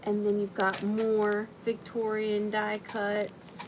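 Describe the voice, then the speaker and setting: A woman's voice: mid-range voice, completely flat delivery, takes it slowly. A woman with a Southern US accent hosting a live vintage sale, chatty and bubbly, thanking viewers by name. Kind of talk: casual live-stream selling. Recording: faint room noise.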